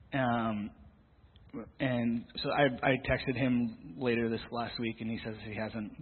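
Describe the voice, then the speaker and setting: Husky man telling a church story. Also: mid-range voice. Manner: animated storyteller, acts out quotes, many restarts. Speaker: youth leader sharing a testimony in church. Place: church hall. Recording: tinny, echoey hall recording.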